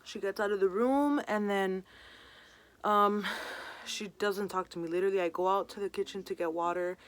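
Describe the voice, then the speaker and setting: A young woman vlogger with a medium-pitched voice and fairly even intonation tells a personal story in casual chat. She's chatty, filling every pause with "like," and she mixes Spanish words into what she says.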